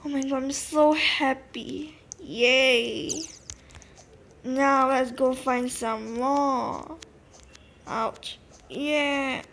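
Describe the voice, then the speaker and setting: A woman giving casual, excitable commentary while playing a game, talking to her viewers and often gasping. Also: high voice, very slow, gravelly, a little hiss or hum. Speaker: gameplay narrator.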